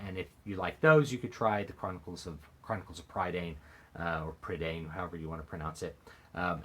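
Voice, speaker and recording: A man's voice: on the low side, a bit bright. A man talking casually to camera as an author and book vlogger, hesitant, with frequent fillers and restarts. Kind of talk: casual book-recommendation vlog.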